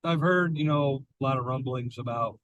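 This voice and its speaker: A man's voice: medium pitch, normal speed, fairly bright tone, no echo, dull audio. A man co-hosting a podcast in loose casual chat, cursing now and then. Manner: conversational, loose, swears casually. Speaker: podcast co-host.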